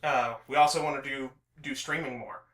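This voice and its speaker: A man's voice: mid-range voice, steady tone, normal speed, a bit bright, roomy sound. A man co-hosting a podcast in casual chat, rambling with many restarts and filler words. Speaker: podcast co-host.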